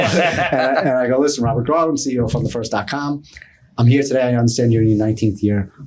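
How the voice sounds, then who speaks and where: Husky-voiced animated New man. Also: medium pitch. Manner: animated storyteller, acts out others' lines, swears casually. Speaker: podcast guest. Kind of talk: storytelling in casual talk.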